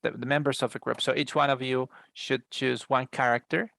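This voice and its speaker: Gravelly man teaching an online class. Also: medium pitch, level tone, moderate pace, a bit bright, no echo. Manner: patient, explanatory, many fillers and restarts. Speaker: English teacher. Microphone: video call.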